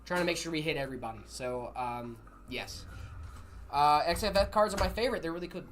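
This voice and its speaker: A man's voice: a little high, brisk, fairly bright tone, a little hiss or hum. A man hosting a PC-building livestream, chatting playfully with viewers and using many fillers. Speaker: streamer hosting a PC-building stream. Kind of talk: casual livestream chat reading viewer messages. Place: indoor studio room.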